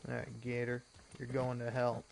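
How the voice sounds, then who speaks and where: A man's voice: medium pitch, monotone, normal speed, vocal fry. Man, gameplay commentary, swears a lot, exasperated rants, game noise underneath. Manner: profane, exasperated rants with mock voices and laughter. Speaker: gaming commentator.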